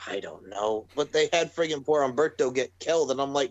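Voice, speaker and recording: A man co-hosting a casual wrestling podcast, excitable and sarcastic. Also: mid-range voice, a little fast, no echo, poor audio. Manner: excitable, sarcastic, swears freely. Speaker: podcast co-host.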